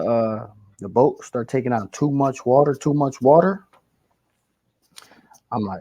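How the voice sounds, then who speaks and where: A man's voice: mid-range voice, unhurried, long pauses, slightly rough, dry recording, low-quality recording. A young man, casually telling a slangy, rambling story and correcting himself as he goes. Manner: rambling, slangy, animated retelling with self-corrections.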